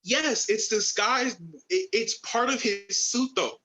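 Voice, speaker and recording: A man co-hosting a podcast, talking in an animated, opinionated way and stumbling over his words as he argues. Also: high voice, slow, rough recording. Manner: animated, opinionated, mocks voices with gravelly whispers. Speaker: podcast co-host. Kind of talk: casual chat.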